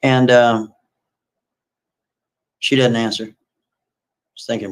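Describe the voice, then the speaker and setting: A man's voice: medium pitch, expressive, unhurried, pauses often. Brief: a man hosting a live stream, telling a story in an easy, rambling, folksy way. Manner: rambling, folksy, with lots of asides. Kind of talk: casual storytelling.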